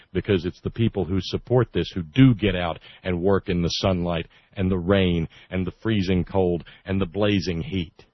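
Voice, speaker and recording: A man hosts a call-in radio show, his low voice dry and close on a studio microphone. The sound is a little dull and lo-fi. He talks earnestly and often trips into restarts as he corrects himself. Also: dry recording. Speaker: radio talk show host. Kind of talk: talk radio monologue and call-in.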